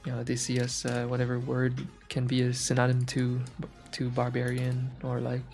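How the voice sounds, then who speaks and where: A man's voice: medium pitch, completely flat delivery, normal speed, gravelly, a little mellow, soft background music. Man chatting loosely on stream. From French-speaking Canada. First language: French. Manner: rambling, searches for words, frequent fillers and restarts. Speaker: art streamer. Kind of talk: casual chat while drawing on stream.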